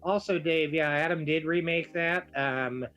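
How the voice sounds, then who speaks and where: A man's voice: a little high, measured pace, fairly bright tone, poor audio. A man from Canada joining a livestream chat, trading teasing, profane banter. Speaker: stream guest.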